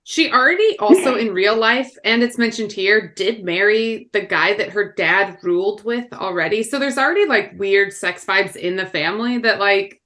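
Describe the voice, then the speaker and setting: A woman co-hosts a casual podcast and states her strong opinions bluntly. Her voice sits in a middle pitch. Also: normal speed, few pauses, fairly bright tone.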